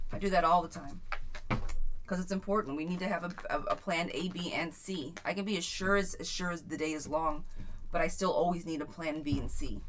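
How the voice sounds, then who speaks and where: Woman tarot reader on a live stream, slightly low voice, casual and chatty. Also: a little hiss or hum. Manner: chatty, repeats viewers' questions aloud, stumbles over words. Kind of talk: live-stream chat reading viewer questions.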